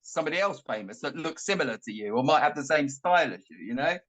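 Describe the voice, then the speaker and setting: A man's voice: on the high side, animated, quick pace, fairly bright tone, rough recording. A man co-hosting a casual chat, musing aloud and asking questions. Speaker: co-host.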